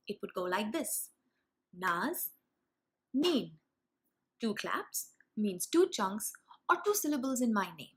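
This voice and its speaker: A young woman hosting a reading lesson video, explaining clearly and sounding out demonstration words slowly. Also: a little high. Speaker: teacher and channel host. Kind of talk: instructional video for parents and teachers.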